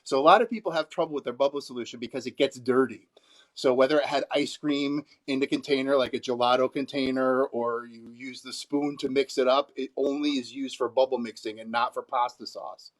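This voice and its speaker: A man's voice: mid-range voice, fairly even intonation, fairly quick. A man who performs with bubbles and puppets, chatting casually and rambling as he goes. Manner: rambling, easily amused. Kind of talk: casual video chat.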